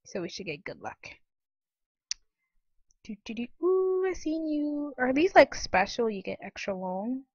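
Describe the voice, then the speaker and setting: A woman giving casual, excitable commentary while playing online games, often giggling and squealing. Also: sits high, normal speed, hardly any pauses, no room sound, highs cut off. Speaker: gaming channel host.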